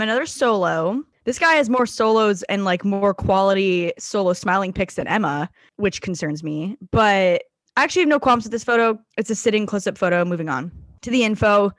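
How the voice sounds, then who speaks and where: A woman's voice: mid-range voice, normal speed, a bit bright, no room sound. Young woman co-host, blunt teasing. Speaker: podcast co-host. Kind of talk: casual chat.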